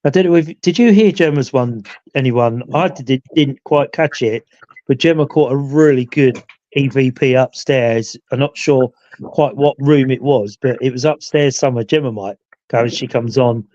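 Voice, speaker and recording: A man's voice: mid-range voice, moderate pace, a little mellow, dry recording, muffled recording. A man, rambling through the story of a ghost hunt on a live chat show with a lot of "you know" asides. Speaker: ghost hunter, show regular. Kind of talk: casual live chat recounting an investigation.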